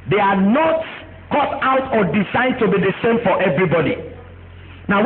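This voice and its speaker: A man with a Nigerian accent preaching a sermon as pastor, animated and acting out the voices he quotes. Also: high-pitched, phone-quality sound. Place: church.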